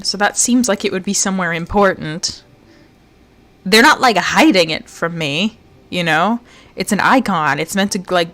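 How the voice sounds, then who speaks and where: Woman streamer, chatty and playful, mid-pitched, muses aloud while she plays. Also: a bit bright. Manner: chatty, playful, talks to herself while searching; slips into mock-British phrasing for fun. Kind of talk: casual live-stream game commentary.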